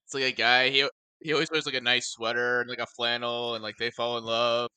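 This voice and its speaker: A young man with a very sharp, tense voice ribs his co-hosts bluntly in a casual podcast chat. The sound is dry and close to the mic. He talks in a mid-range pitch. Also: level tone, a little fast, clean tone, no echo. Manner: wisecracking, blunt ribbing. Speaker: podcast co-host.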